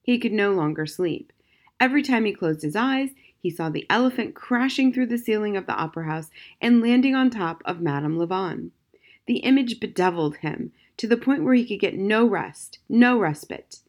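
A woman reading a children's novel aloud in gentle, measured audiobook narration. Her voice is medium in pitch and calm, and she shapes each sentence with care. It is scripted storybook reading.

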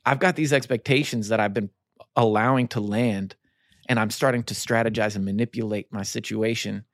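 A man's voice: fairly low pitch, fairly even intonation, fairly quick, no room sound, studio quality. A man who pastors a small church, telling a personal story in an earnest, passionate way on a casual faith podcast.

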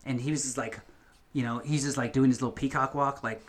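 A man's voice: mid-range voice, fairly even intonation, fast, a crowd in the background. A young man casually telling a long story on a podcast, rambling and cursing, with lots of fillers and restarts.

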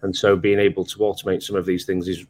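A deep-voiced man explains his work as a guest over a video call, hesitating with many ums. Faint noise sits behind him. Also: level tone, fast talker, a little mellow. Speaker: guest company representative.

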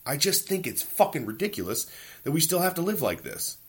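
Profane ranting man in his forties, husky. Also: fairly high pitch, brisk. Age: 40s. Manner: profane, ranting, animated storytelling. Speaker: podcast host. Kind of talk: casual monologue.

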